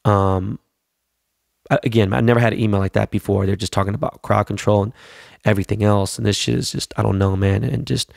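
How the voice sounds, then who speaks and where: A middle-aged man talks through a loose, profane podcast monologue, getting hyped as he rambles. His voice sits low and gravelly. The sound is dry and close to the mic. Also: steady tone, brisk, darkish tone, dry recording. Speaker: podcast host. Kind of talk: casual monologue.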